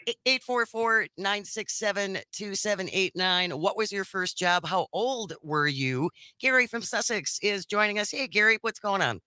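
A woman's voice: medium pitch, animated, normal speed, few pauses, sharp tone, dry recording, studio quality. A woman hosting a talk radio call-in show, candid and sometimes hesitant while picking her words. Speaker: radio host. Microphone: studio mic.

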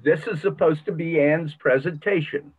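A man's voice: a little high, moderate pace, slightly rough. An older man retelling a folk tale with a moral in a folksy, dramatic way, heard over a video call. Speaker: church member telling a story. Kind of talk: storytelling with a moral. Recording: tinny video call audio.

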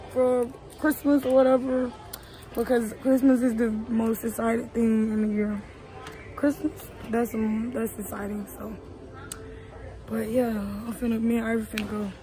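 Shopping in a big indoor store, a young mom talks to her followers through her phone in a relaxed vlog, chatty and addressing them as "y'all." She speaks at a fairly high pitch, and the audio is poor.

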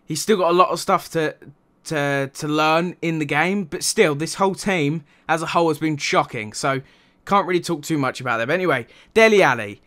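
A young man vents his fury about football in a furious, sarcastic rant, swearing freely and tagging lines with "right?". His voice sits a little high and carries a bright, sharp edge. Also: fairly quick. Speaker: football fan vlogger.

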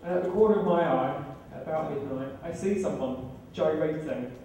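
A British man in his thirties performs a live storytelling set, wry and self-deprecating, in a fairly high, mellow voice. He sounds far from the mic, and the event room rings with a heavy echo. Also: a little fast, a little hiss or hum. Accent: British English.

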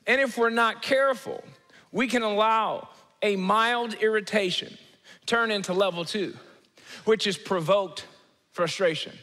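A man preaching a comedic sermon as teaching pastor, animated storytelling that acts out quoted people with sudden jumps in pitch. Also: measured pace. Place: church auditorium. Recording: long reverb of a large church hall.

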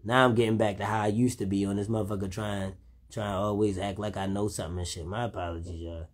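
A man's voice: lowish voice, steady tone, quick pace. A man, rambling in a laid-back, casual monologue, often saying "you know what I'm saying". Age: 30s.

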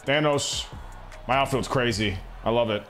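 A young man streaming a baseball video game, reacting in excitable, slangy commentary that swings between loud hype and low muttering. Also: normal speed, over music. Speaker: gaming streamer. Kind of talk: live gameplay commentary.

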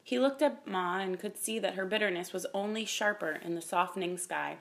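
A woman reading a children's chapter book aloud in a calm, even manner. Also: medium pitch, moderate pace, vocal fry. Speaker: reader. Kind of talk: storybook reading.

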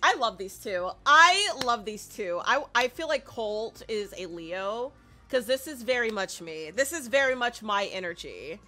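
A woman giving excitable let's play commentary, repeating herself and swearing playfully as she plays. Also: mid-range voice, normal speed, soft background music. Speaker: gaming streamer.

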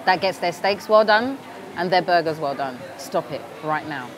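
A woman's voice: lowish voice, animated, moderate pace, a crowd in the background, noisy background. A young woman co-hosting a food vlog, teasing and giggly in casual banter. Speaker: co-host.

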